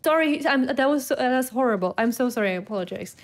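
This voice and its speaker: Talking quickly in a high-pitched, lively voice, a young woman streams a game and chats with her audience. Her casual live commentary is full of self-deprecating remarks.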